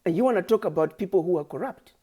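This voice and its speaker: An activist addresses the camera directly in a rousing, preachy speech, her voice lowish, mellow and a touch rough. She talks fast with lively intonation, hurling accusatory rhetorical questions and coming back to the same refrains over and over.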